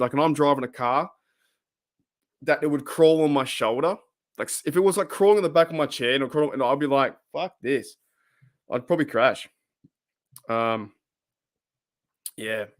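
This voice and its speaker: A man's voice: a little high, normal speed, long pauses, a bit bright. A man hosting a casual live-streamed fan podcast, rambling and reacting to chat comments. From Australia.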